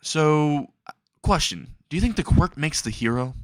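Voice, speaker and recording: A man's voice: a little high, expressive, a little slow, no room sound, pitched above the performer's own voice. A man voicing a cocky, sarcastic nerdy teenage boy hero, close to his own voice. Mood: sassy.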